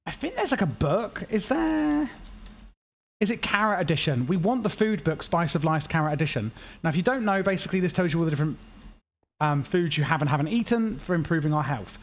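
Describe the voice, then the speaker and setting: A man chatting casually and playfully to his viewers while playing a game on a livestream. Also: sits high. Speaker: streamer. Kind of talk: casual livestream gameplay chat.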